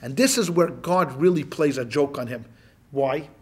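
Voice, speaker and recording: A man, a rabbi, teaching a class in a lively, joking storytelling lecture, talking straight to his listeners. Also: mid-range voice, normal speed, breathy edge.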